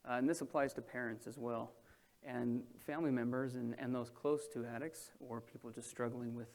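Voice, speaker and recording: A man moderating a panel and addressing an audience in a room, talking in a conversational way that keeps checking in with the listeners. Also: medium pitch. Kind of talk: presentation to an audience.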